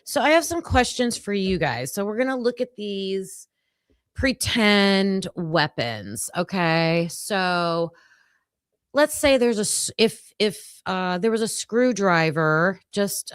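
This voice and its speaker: A woman hosts a casual true crime stream from her home computer, talking to herself as she fumbles with the setup. Her delivery is slow and unhurried, and her voice rises and falls a lot. The sound is dry and close, with no room around it. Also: mid-range voice, lively intonation, no echo. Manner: flustered, chatty, self-talking while fixing tech. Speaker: true crime show host. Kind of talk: casual livestream chat.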